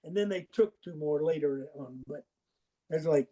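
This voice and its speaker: A man's voice: on the high side, moderate pace, warm tone. An older man, a football coach as podcast guest, telling folksy anecdotes and acting out the dialogue in them. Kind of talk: storytelling interview.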